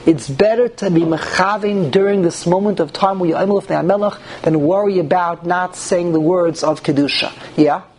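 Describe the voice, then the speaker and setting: Rabbi giving a class to a small group, high voice, rhetorical questions, faint noise behind. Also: male voice, normal speed, few pauses, a little mellow. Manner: asks the group rhetorical questions and restarts sentences often. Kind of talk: Torah class on prayer law.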